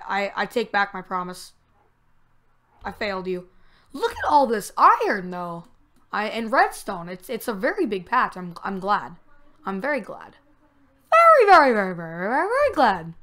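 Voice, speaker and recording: A woman giving casual, rambling commentary while playing a video game, now and then breaking into excited yells. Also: medium pitch. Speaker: gamer.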